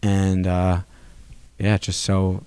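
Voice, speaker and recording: A man, a stand-up comedian, chatting as a podcast guest in a rambling, animated way with many restarts. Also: low-pitched, drawn-out words, clean tone, no echo. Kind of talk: casual interview chat. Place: comedy club.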